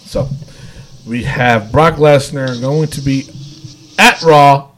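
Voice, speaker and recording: A man's voice: medium pitch, slow pace, a little hiss or hum. A man hosting a casual wrestling recap chat, enthusiastic and rambling with fillers. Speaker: wrestling show host.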